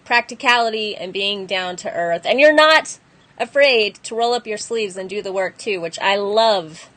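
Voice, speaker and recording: A woman's voice: medium pitch, normal speed, a bit bright, dry recording. A woman hosting an interview, affirming her guest and summing up her points. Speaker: interview host. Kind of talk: casual interview.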